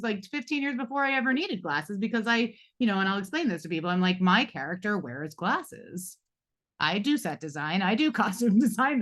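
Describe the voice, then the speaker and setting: A woman's voice: mid-range voice, fairly bright tone. A woman in her forties moderating a live roundtable, talking reflectively with many fillers and asides. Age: 40s. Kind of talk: live panel discussion.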